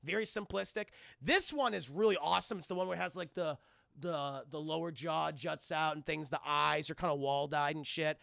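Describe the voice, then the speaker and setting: A man's voice: a little high, brisk, vocal fry, sharp tone, no echo, studio quality. A man streaming a cartoon review, recapping scenes to his live chat in a rambling, profane, casual way with lots of restarts.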